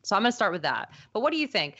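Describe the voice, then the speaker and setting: A woman co-hosting a fantasy football live stream in a bright, lively voice that swoops up and down. She talks casually and chattily. The sound is a little dull and lo-fi. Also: medium pitch. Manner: chatty, laughs easily, reads ad copy quickly.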